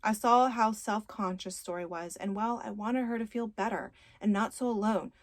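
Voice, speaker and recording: A woman's voice: mid-range voice, fairly even intonation, moderate pace, natural voice. Woman reading as a smug charming neighbor guy. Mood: falsely sweet. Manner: smooth, falsely sweet. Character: smug scheming young man, charming neighbor.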